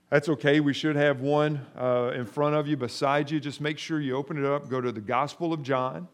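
Male pastor, sermon, emphatic, chatty asides, mid-pitched voice. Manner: emphatic, rising sharply in volume for stress; conversational asides to the congregation.

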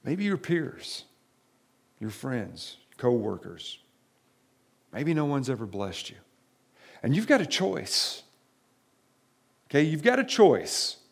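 A man's voice: medium pitch, sing-song, slow, creaky, long pauses, husky. A man preaching a sermon to his congregation, emphatic and direct, repeating his key phrases. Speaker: pastor.

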